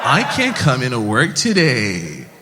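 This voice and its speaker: Give me a drawling stoner bro as a Nigerian man puts him on, slow, in a reverberant room. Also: mid-range voice, huge pitch swings, background noise. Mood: lazy. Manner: slow, drawn-out, sentences trailing off.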